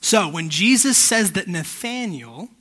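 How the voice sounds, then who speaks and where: A man's voice: sits high, very animated, unhurried, fairly bright tone. A young man giving a casual, conversational sermon that keeps checking in with his listeners.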